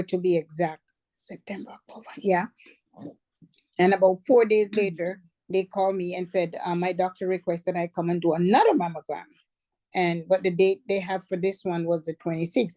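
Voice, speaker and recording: Warm-voiced middle-aged woman telling her story. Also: lowish voice, dry recording. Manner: conversational, backtracks and corrects herself. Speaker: cancer survivor sharing her story. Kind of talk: personal storytelling.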